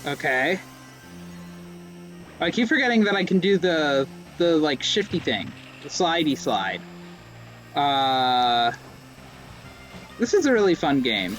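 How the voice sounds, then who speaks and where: A man's voice: on the high side, big pitch swings, slow pace, long pauses, fairly bright tone, soft background music. A young man giving casual, rambling, self-mocking commentary while playing a racing game. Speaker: let's play streamer.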